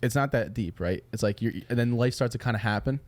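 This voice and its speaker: A man's voice: medium pitch, fast talker, a little mellow, no echo. A man hosting a podcast, asking long, rambling, encouraging questions in a casual interview chat. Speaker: podcast host.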